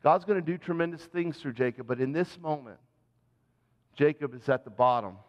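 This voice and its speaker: A man's voice: mid-range voice, long reverb tail, muffled recording. A man, a senior pastor, preaching a sermon in an earnest, conversational way and asking the congregation direct questions. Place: church sanctuary.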